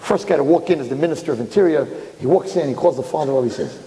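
A man telling a story in an animated, emphatic way. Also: a little high, very fast, a little hiss or hum. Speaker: speaker. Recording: echoey hall.

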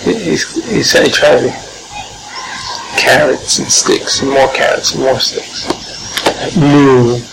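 A man giving an informal Torah class, animated, firing off rhetorical questions and often chuckling. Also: medium pitch, slow, vocal fry, pauses often. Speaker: Torah teacher. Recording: noisy background.

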